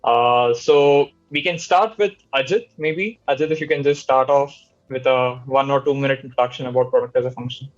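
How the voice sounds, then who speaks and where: A man's voice: mid-range voice, moderate pace, highs cut off. A man moderating a panel discussion, hesitant and full of "you know" fillers.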